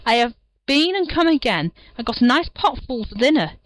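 A plucky, clever little piglet, as a woman reading a storybook puts him on. His voice is squeaky and high, eager and quick to answer, in a dry, close recording. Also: big pitch swings, no room sound.

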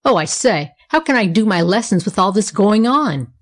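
A woman's voice: mid-range voice, lively intonation, normal speed, lightly acted. A woman voicing a cross young boy with a grumpy, dismissive manner.

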